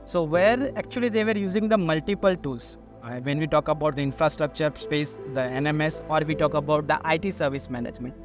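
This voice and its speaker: A man's voice: a little high, a little fast, few pauses, music in the background. A man being interviewed as a sales manager, explaining in long, listing sentences that he keeps linking with "so". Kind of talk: business interview answers.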